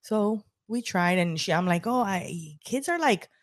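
A woman in her thirties co-hosting a podcast, chatting casually and acting out her child's words in an animated way. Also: medium pitch, measured pace, no echo, clean studio sound. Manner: animated storytelling, acts out her daughter's lines. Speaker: podcast co-host. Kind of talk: casual chat.

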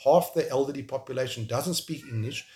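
Emotional South African man, halting speech. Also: mid-range voice, a little mellow. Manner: emotional, halting, with many restarts. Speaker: interview guest. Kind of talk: remote interview conversation.

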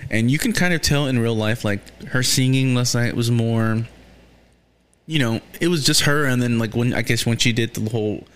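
A man's voice: mid-range voice, moderate pace, fairly bright tone, clean tone. Rambling man recapping a TV series. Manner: rambling, full of fillers and restarts; swears freely and gets heated. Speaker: show recapper.

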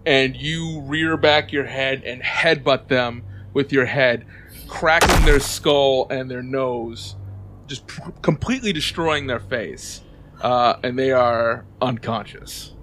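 A man's voice: mid-range voice, slow pace, a bit bright, slight background noise. A man running a tabletop game as game master, narrating loosely and often repeating his words.

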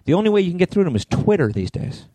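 A middle-aged man co-hosting a podcast, telling a profane, animated story in casual chat. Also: sits high, very fast, no room sound. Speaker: podcast co-host.

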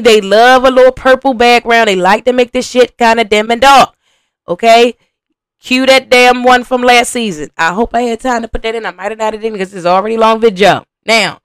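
Speaking straight to her viewers and calling them "y'all," this young woman podcast host gives lively, foul-mouthed reactions to a reality show. Her pitch is fairly high and her tone smooth, with no echo.

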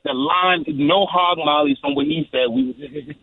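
A man's voice: sits high, sing-song, measured pace, gravelly. A man calling in to a radio show, rambling with stammering restarts. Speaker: caller. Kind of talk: call-in radio chat. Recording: tinny phone line.

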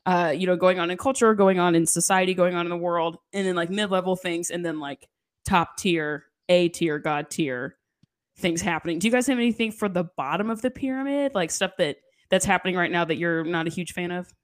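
A woman's voice: lowish voice, brisk. A woman hosting a podcast in casual chat, chatty and giggly with lots of filler words. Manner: chatty, giggly, lots of likes and you-knows. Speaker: podcast host.

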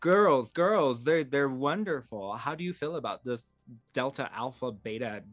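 A man co-hosting a casual movie podcast, playful and expressive, often giggling. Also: mid-range voice, unhurried, faint music behind. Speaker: podcast co-host.

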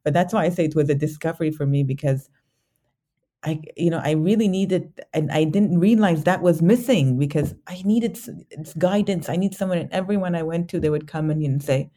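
A woman guest in an interview, reflecting candidly on a personal journey, halting often with restarts and fillers. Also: low voice, mellow.

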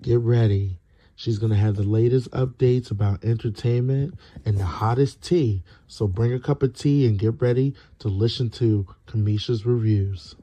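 A man's voice: fairly low pitch, moderate pace, dark tone, dry recording. A man giving an upbeat recorded intro for a channel, announcing with hype.

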